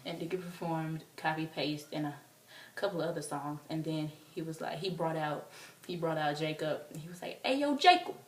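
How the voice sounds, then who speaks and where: A woman's voice: sits low, moderate pace. Chatty young woman in an echoey room. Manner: excitable, chatty, full of fillers. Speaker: vlogger. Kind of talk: casual storytelling. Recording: roomy, distant from the mic.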